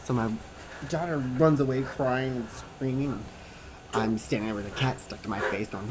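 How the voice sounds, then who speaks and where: Interpreter, male, mid-pitched; lively storyteller, noisy take. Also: moderate pace. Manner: animated storytelling with acted-out quotes and sounds. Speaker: sign-to-voice interpreter. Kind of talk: voicing a signed personal story.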